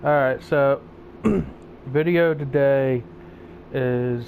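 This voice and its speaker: A man's voice: on the high side, takes it slowly, a little mellow, a little hiss or hum. Swearing angry man. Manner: profane, angry, swearing heavily. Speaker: gaming channel host. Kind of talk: angry rant over gameplay.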